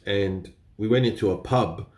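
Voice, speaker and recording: A man's voice: lowish voice, moderate pace, darkish tone. A man with an Australian accent chatting casually to camera as a photography vlogger, laughing often and swearing a little. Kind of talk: casual explainer talk to camera.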